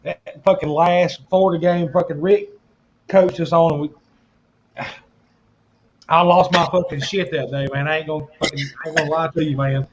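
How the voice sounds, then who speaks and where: A man's voice: on the high side, steady tone, moderate pace, dull audio, noisy background. A man who tells rowdy stories full of swearing, chatting on an online call. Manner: profane, rowdy storytelling. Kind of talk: casual chat.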